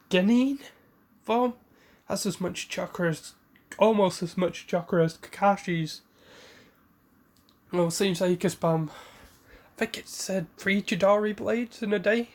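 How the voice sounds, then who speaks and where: Man casually retelling a fan story. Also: high voice. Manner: rambling, self-correcting.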